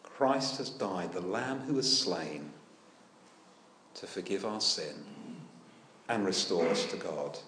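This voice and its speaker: A man preaching a sermon, animated and full of rhetorical questions with dry humour. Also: low voice, takes it slowly, pauses often, reverberant, slight background noise. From United Kingdom. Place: church.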